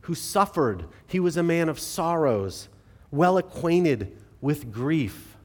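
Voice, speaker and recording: A man in his forties preaches from the pulpit in a slightly high voice, talking to his congregation as if in conversation. He moves between lively, louder passages and soft, hushed ones. The sound carries the long reverb of a church hall. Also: takes it slowly. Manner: earnest, conversational, shifts from animated to hushed. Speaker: pastor. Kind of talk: sermon. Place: church sanctuary.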